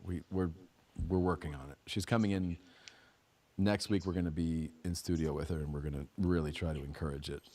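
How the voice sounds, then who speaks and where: A man casually telling animated, profane stories about his family on a podcast, mimicking what people said. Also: low voice, a little fast. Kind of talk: casual storytelling chat.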